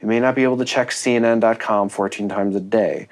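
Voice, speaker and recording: Low-voiced man hosting a podcast. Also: steady tone, fast talker. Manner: earnest, motivational wrap-up. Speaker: podcast host. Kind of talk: podcast interview.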